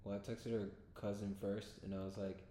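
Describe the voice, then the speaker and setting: A man vlogs into his own camera mic, telling a rambling, laid-back story packed with fillers. His warm voice keeps a level tone at a fairly quick pace, and the room is echoey with a faint rumble.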